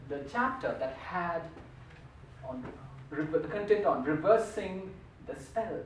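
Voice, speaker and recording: A man's voice: high voice, echoey room, distant mic, slight background noise, low-quality recording. A man giving a humorous storytelling speech at a contest, with a playful, theatrical delivery. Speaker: contest speaker.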